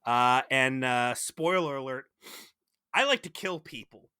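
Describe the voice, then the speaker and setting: Man doing a cocky ex-con starship pilot guy, trash-talking, bright voice. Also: mid-range voice, measured pace, clean tone, dry recording, clean studio sound. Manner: swaggering, profane, taunting. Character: cocky brash male starship pilot, ex-convict. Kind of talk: comic impression in podcast banter.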